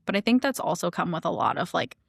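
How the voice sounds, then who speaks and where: A woman with a lowish, gravelly voice chats as a podcast guest. She talks freely, dropping "like" into almost every thought. The sound is close and dry, with no room around it. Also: very animated, fast, dry recording. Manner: chatty, lots of "like" fillers. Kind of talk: casual podcast chat.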